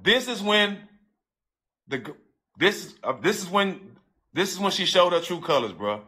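Speaking straight to his listeners in profane, casual street slang, this man recounts a personal story and grows emotional, falling into halting repetitions. His high voice swings widely in pitch and sounds bright and forceful.

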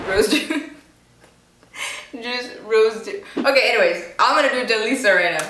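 A woman's voice: a little high, moderate pace, long pauses, bright, forceful tone. A woman hosting a reaction video at home, chatting playfully and talking back at the screen. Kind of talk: casual reaction commentary. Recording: roomy echo, distant from mic, faint music.

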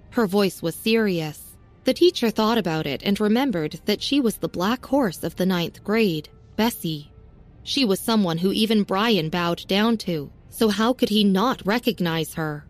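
A woman reading a serialized story as narrator, with a steady, even storytelling manner. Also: medium pitch, unhurried. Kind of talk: scripted audiobook narration. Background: faint music.

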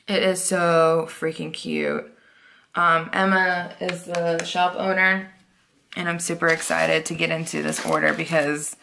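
Woman, vlogger, casual unboxing chat, gushing, bright clear voice. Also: fairly low pitch, slight background noise. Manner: gushing, excitable, drops to whispers. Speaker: planner vlogger.

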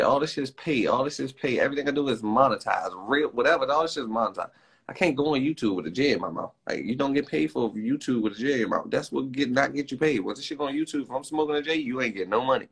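A young man, ranting fast and profanely in casual slang on a livestream. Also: medium pitch, vocal fry, slightly rough. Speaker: live streamer.

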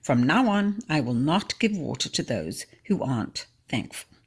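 A woman's voice: low voice, very animated, a little slow, slightly rough, exaggerated voice. A woman reading the lines of a stern, fault-finding man who guards a village well, in a harsh, demanding way.

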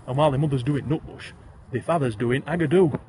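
A man's voice: mid-range voice, quick pace, warm tone, slight background noise. A man with a broad Yorkshire accent reciting comic rhyming verse, addressing the listener as thee. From Yorkshire, England.

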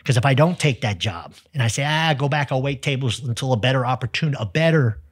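Husky-voiced Texan man telling stories. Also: mid-range voice, fast, no room sound, clean studio sound. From United States. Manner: energetic, tells stories with quoted dialogue. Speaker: podcast guest, sales CEO. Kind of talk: storytelling in conversation.

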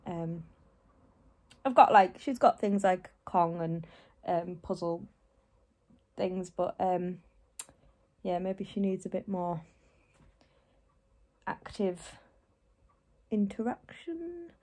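A woman's voice: lowish voice, lively intonation, takes it slowly, pauses often, a little mellow. A young woman, chatting casually in a vlog and often talking to her dog. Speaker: vlogger.

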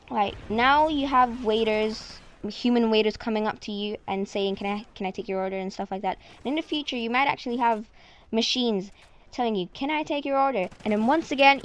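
A woman talking casually in a vlog, chatty and full of "like" fillers. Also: fairly high pitch. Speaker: vlogger.

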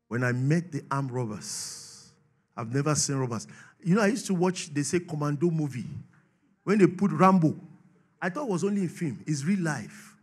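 A Nigerian man preaching a sermon, swinging from shouted declarations to low asides and laughing often. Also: slightly rough. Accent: Nigerian English. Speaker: pastor.

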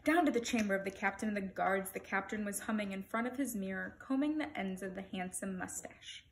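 A woman reading a children's picture book aloud in an expressive, lively storytelling manner. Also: medium pitch, fairly quick, a little hiss or hum, low-quality recording.

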